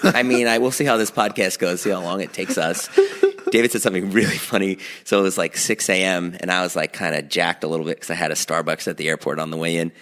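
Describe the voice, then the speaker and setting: A man's voice: low-pitched, fast. A man in his forties co-hosting a casual podcast, telling stories with lots of laughter and swearing. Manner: animated storyteller, laughs often, swears. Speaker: podcast co-host. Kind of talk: casual chat.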